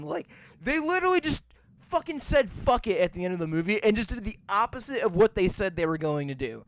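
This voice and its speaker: A podcast host giving a rambling, profane rant while reviewing a movie. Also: mid-range voice. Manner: ranting, profane, rambling with many fillers.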